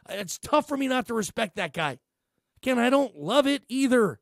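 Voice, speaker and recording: A man hosting a sports talk radio show, giving an animated, rambling monologue full of fillers and restarts into a studio microphone. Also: extremely high pitch, normal speed, creaky, no room sound.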